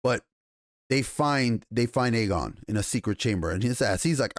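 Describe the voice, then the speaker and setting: A man giving a casual, excited TV episode review, swearing often, restarting sentences and paraphrasing scenes in slangy voices. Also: mid-range voice, moderate pace, no room sound, clean studio sound. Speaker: TV show reviewer.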